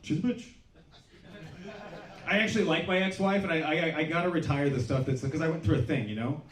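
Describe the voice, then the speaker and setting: A middle-aged man doing a stand-up comedy set, deadpan and self-deprecating, swearing freely. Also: on the high side, quick pace. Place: small comedy club stage. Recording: roomy club sound from a distance. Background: audience laughter.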